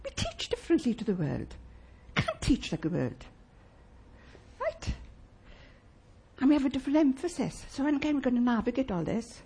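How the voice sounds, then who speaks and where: A woman preaching a sermon in church, emphatic and lively, asking the congregation rhetorical questions. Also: sits high, normal speed, slight background noise.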